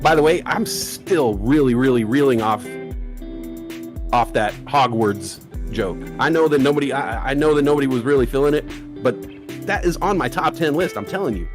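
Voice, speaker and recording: A man's voice: mid-range voice, lively intonation, normal speed, over music. A man hosting a live trading stream, joking with his chat and laughing often. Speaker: livestream host. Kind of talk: casual livestream chat and scripted channel read.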